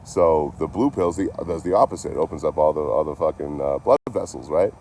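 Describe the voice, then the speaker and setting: A man with a deep, low voice talks casually to his live chat, wandering through an anecdote with constant swearing and easygoing asides. His delivery is loose and unhurried, with a faint hum of noise behind him. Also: a little mellow. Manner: rambling, heavy swearing, laid-back. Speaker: livestreamer telling stories.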